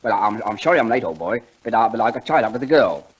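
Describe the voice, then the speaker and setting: A man's voice: fairly low pitch, expressive, quick pace, slightly rough. An actor playing a bumbling, cheeky man who stammers and fumbles for words between quips, in 1940s radio comedy style.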